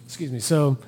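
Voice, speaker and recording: A man with a breathy, somewhat high voice, a thru-hiker guesting on a podcast, relates his story informally. He laughs and acts out what people said, and the recording sounds like a big room.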